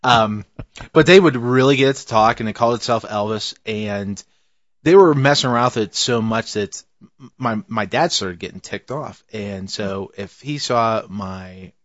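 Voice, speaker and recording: A man's voice: lowish voice, moderate pace, a bit bright, no room sound, dull audio. A man in a casual chat, telling a long family story with frequent laughter and fillers. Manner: rambling, laughing, with many fillers. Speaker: podcast co-host telling a story.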